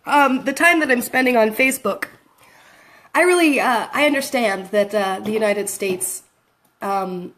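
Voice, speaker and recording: A woman's voice: mid-range voice, a bit bright. A woman talks casually to her phone camera, drifting from thought to thought. She is self-mocking and laughs often between lines. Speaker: vlogger.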